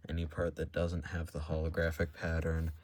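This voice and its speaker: A young man talking casually while opening trading card packs, in a monotone voice that stalls and restarts often. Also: very deep voice, moderate pace. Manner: monotone, hesitant with many restarts. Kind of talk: casual unboxing vlog.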